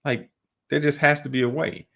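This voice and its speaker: A man hosting a casual podcast, telling loose stories with drawn-out fillers and restarts. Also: on the high side, flat delivery, creaky, fairly bright tone. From United States. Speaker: podcast host.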